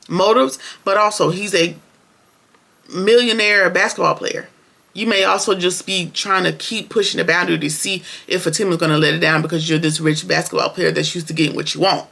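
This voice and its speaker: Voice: medium pitch, vocal fry, sharp tone. A show reviewer recapping an episode in casual, opinionated, slangy chat, talking straight to viewers.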